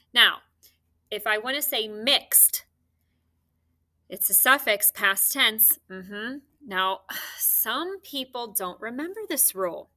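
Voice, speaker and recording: Slow, bright-voiced phonics teacher woman. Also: mid-range voice. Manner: slow, clear, encouraging teacher talk with drawn-out words. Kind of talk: phonics lesson for young children.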